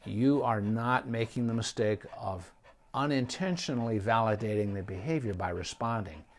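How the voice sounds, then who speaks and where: A man's voice: lowish voice, moderate pace. A middle-aged man, a veterinarian, giving casual spoken advice with frequent ums and restarts. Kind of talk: unscripted advice talk.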